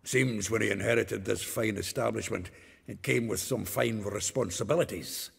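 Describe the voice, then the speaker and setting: An actor playing a gruff, boisterous male dwarf companion in a video game, speaking with a coarse, earthy way of talking. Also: on the low side, moderate pace, full character voice. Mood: musing. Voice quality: gravelly, earthy, coarse-spoken.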